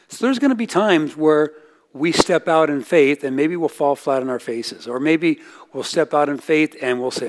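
A middle-aged man preaching, his pitch sitting right in the everyday middle. He tells stories earnestly, lifting his voice for quoted lines and sinking soft and low to land a point. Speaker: pastor. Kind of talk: sermon.

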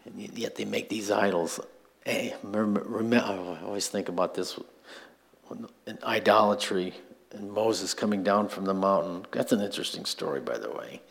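A male pastor delivers a sermon in a loose, conversational way, breaking off for asides and small chuckles. His voice sits on the low side with a husky edge. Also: moderate pace.

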